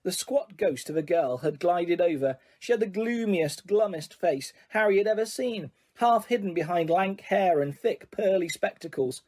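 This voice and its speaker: A man narrating an audiobook. He tells the story steadily, now and then stumbling over a word. His voice is high for a man. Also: normal speed, few pauses. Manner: steady storytelling with small slips.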